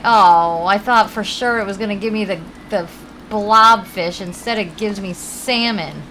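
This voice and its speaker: A game streamer with a Connecticut accent chats and rambles as she plays, reading her chat aloud and swearing now and then. Her lowish voice moves at normal speed with a fairly bright tone, on a rough recording with slight background noise.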